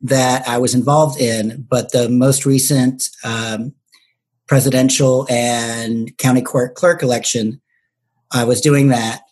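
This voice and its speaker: A man's voice: medium pitch, steady tone, slow pace, darkish tone. A man being interviewed on a podcast, a bartender and local candidate telling stories casually, with frequent ums and restarts. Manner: hesitant, many ums and restarts.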